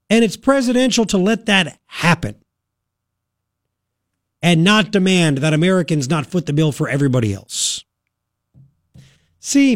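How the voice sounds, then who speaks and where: A man's voice: on the high side, no room sound, studio quality. A man hosting a talk radio show, giving emphatic, argumentative commentary straight to the listener.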